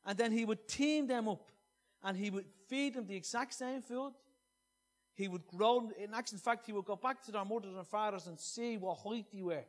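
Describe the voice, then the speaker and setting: A man preaching a sermon, earnest, swinging between loud emphasis and soft, hushed scripture reading. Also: high voice, normal speed.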